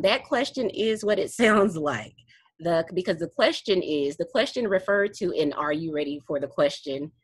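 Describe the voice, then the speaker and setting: A lower-pitched woman with a husky edge teaches a study group over a video call. Her voice is close and dry, with little room sound. She explains steps patiently and breaks into laughter now and then. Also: no echo. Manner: explanatory, laughs often, self-correcting. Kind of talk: online teaching session.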